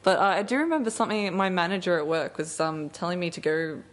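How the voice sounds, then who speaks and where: A woman's voice: on the low side, quick pace. A young woman co-hosting a casual radio chat show, talking in a laid-back way.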